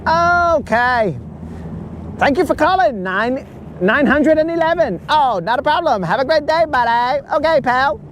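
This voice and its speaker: A man's voice: a little high, animated, fast talker, few pauses, fairly bright tone, a little hiss or hum. Man putting on a chirpy polite Canadian guy. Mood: chummy.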